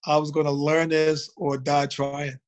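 Here the Baltimore drummer talks a little slowly in a fairly high, monotone voice. As an interview guest in a casual setting, he rambles through his stories with plenty of "you know."

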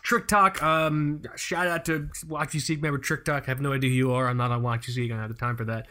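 Young male podcast host; casual, profane, lively storyteller. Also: mid-range voice, fast. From United States. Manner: profane, animated storytelling with laughs. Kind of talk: casual chat.

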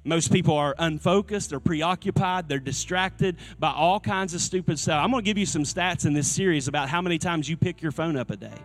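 A male pastor delivers a sermon on a stage microphone, his voice sitting a bit high for a man. He is earnest and drives his points home by repeating them. Soft instrumental music plays quietly under him. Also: fairly quick, few pauses. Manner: earnest preaching, repeating key phrases. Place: church sanctuary.

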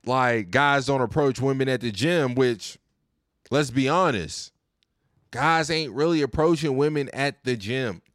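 A man's voice: a little high, no room sound, studio quality. A young man hosting his own podcast, ranting casually and profanely, often repeating himself. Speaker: podcast host. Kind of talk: casual rant.

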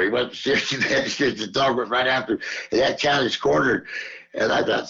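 A man's voice: medium pitch, a little fast, gravelly, pushed and bright, highs cut off, slight background noise. A man who is a weekly guest, rambling through stories in a profane, chuckling way. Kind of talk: casual rambling storytelling.

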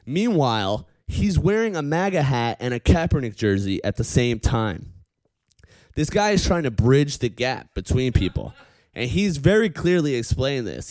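A man's voice: medium pitch, a little slow, no echo. A man delivering a profane comedic rant, often stopping with a pointed "okay?". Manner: animated, profane, heckles the audience with repeated "okay?".

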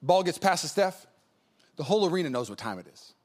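A male pastor giving an energetic sermon, joking in asides and building to fervent calls to prayer. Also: fairly high pitch, fast. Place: church service.

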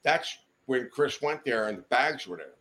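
A man's voice: mid-range voice, expressive, moderate pace, fairly bright tone. An older man, a podcast guest in a studio, telling rambling, profane stories in a casual chat. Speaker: guest storyteller.

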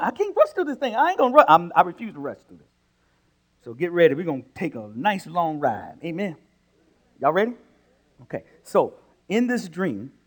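Animated preacher man, lively pitch. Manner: animated preaching that swings between loud bursts and hushed asides. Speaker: pastor. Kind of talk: sermon.

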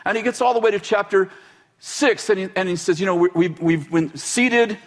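High-pitched guy preaching, chatty style, does little voices for the quotes. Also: normal speed. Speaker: pastor. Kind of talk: sermon.

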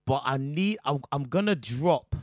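A man's voice: mid-range voice, a little slow, no room sound, clean studio sound. Host guy hyping people up, repeats himself, voice jumps all over the place. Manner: excitable, repeats himself, hypes the listeners. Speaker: podcast host and DJ. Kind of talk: casual chat.

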